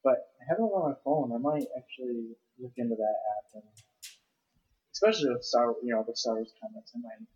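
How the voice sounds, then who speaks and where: A man's voice: mid-range voice, animated, a little fast, mellow, breathy edge. A man hosting a casual podcast chat, speaking hesitantly with frequent restarts. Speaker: podcast host. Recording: lo-fi home mic.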